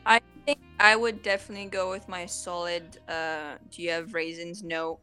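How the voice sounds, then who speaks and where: A woman co-hosting a casual podcast, giggly, self-deprecating and quick to react. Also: on the low side, flat delivery, bright, forceful tone, clear, resonant tone, faint music behind. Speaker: podcast co-host.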